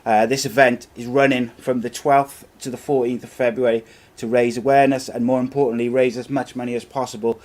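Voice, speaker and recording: A man's voice: medium pitch, little pitch movement, brisk, darkish tone. A Scottish man hosting a podcast, upbeat, reading promos and calling people mate. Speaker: podcast host. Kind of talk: podcast intro and casual chat.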